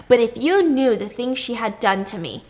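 A woman voicing an enraged king who shouts bitter accusations. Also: fairly high pitch, lively intonation, normal speed, lightly acted, poor audio.

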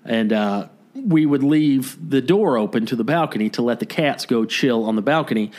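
On a comedy podcast, a male co-host with a mid-range voice recounts a long story at a moderate pace in casual chat. He tells it animatedly, acting out the people in it and performing their quotes.

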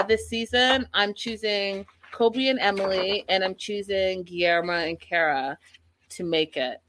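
A woman hosting a casual livestream, recapping a reality show and chatting with her viewers in an opinionated, animated way. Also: fairly low pitch.

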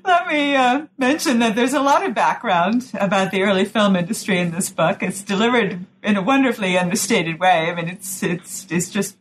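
A woman hosting an interview with an author, appreciative and quick to laugh. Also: mid-range voice, slight background noise, low-quality recording. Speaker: interview host. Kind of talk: casual interview.

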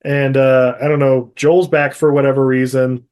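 A man casually recapping a movie on a podcast, laughing often and mocking the characters in quick put-on quotes. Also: medium pitch, flat delivery, darkish tone, clean tone. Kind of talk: casual chat.

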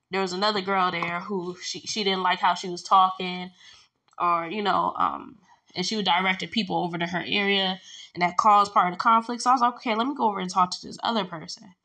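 A woman telling a long personal story in a casual, rambling way, acting out the back-and-forth with lots of filler words. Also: lowish voice. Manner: rambling, animated, acts out quoted exchanges with filler words.

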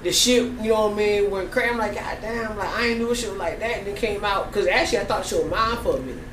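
A man's voice: high voice, fast. A man co-hosting a casual podcast, telling rowdy stories and joking. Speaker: podcast co-host. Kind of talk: casual chat. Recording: echoey room, mic far off, noisy.

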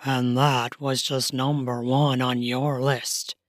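A woman voicing a mellow, mopey man with a sing-song voice in an erotic audio story. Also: extremely low pitch, takes it slowly, dry recording, clean studio sound, pitched below the performer's own voice. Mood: content. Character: mellow sing-song middle-aged male lover.

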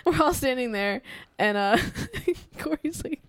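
A woman's voice: high-pitched, expressive, a little slow, no room sound, studio quality. A woman co-hosting a podcast, telling stories in casual chat and laughing as she goes. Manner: giggly, laughs through her stories. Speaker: podcast co-host.

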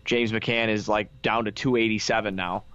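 A man's voice: lowish voice, steady tone, moderate pace, a bit bright, lo-fi sound, a little hiss or hum. A man co-hosting a casual sports podcast, glum and complaining, stammering through his sentences. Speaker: podcast co-host.

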